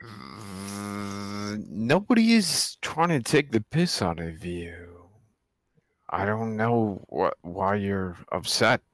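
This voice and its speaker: A man speaks slowly in a lowish voice, laid-back and unbothered in a chat with friends. His humor is dry. The sound is close and dry. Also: lively intonation, no room sound. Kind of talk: casual banter with friends.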